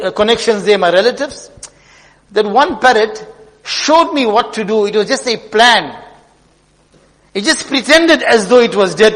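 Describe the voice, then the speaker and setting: A man voicing a wise caged pet parrot that gently teaches its master, in an earnest storytelling tone. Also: high voice. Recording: long hall reverb.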